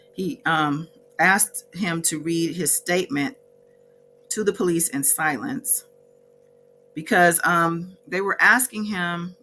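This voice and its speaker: A woman's voice: low-pitched, sharp tone. A woman vlogger casually recapping a court day from her notes, with chatty asides and frequent self-corrections.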